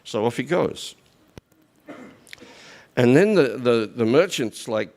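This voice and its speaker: A man's voice: medium pitch, animated, takes it slowly, vocal fry, pauses often, darkish tone. A middle-aged man giving a storytelling sermon in a conversational way, often repeating words as he goes. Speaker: guest speaker at a temple.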